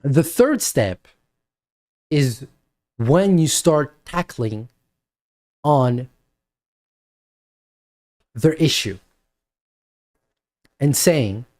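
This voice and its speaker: Slow, animated male lecturer. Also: mid-range voice. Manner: deliberate, emphatic, repeats points. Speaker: lecturer giving parenting advice. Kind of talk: spoken video lecture.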